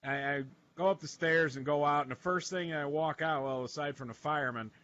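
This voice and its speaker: A man's voice: on the high side, fairly even intonation, fairly quick, fairly bright tone, no room sound. A man telling a rambling, profane story in a casual radio chat. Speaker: regular panelist, veteran. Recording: dull lo-fi sound, faint noise.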